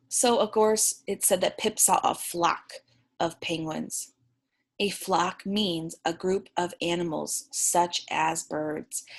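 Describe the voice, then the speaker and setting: Slow, gentle woman teacher reading aloud. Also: fairly low pitch. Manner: slow, gentle and encouraging, with questions to the class. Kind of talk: reading a picture book aloud to young students.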